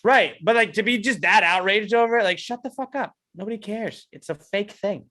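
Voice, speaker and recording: Bright-voiced ranting podcast co-host man. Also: sits high, a little fast. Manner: profane, ranting, gets heated. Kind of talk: casual podcast banter.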